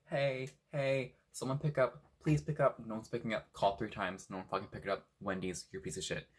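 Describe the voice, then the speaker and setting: A young man from Washington State telling a story in a casual, animated way, swearing freely and acting out what people said. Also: low voice, husky. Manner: animated, swears a lot, acts out quotes. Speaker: vlogger.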